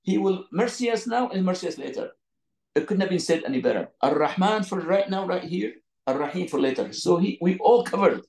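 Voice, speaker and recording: A man teaching an online Quran lesson over a video call from his phone, explaining with lots of repetition and quick restarts. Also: high-pitched, animated, gravelly, darkish tone, roomy sound, low-quality recording. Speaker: Islamic teacher.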